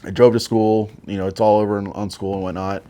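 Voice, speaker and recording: Man, 40s, lowish voice, casual, profane, rambling. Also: flat delivery, fast, warm tone. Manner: profane, rambling, with many fillers. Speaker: guest, Marine veteran. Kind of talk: casual storytelling.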